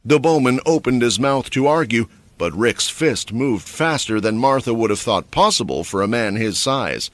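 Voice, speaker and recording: Expressive male fantasy story narrator. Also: medium pitch, moderate pace, hardly any pauses, dry recording. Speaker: recap narrator.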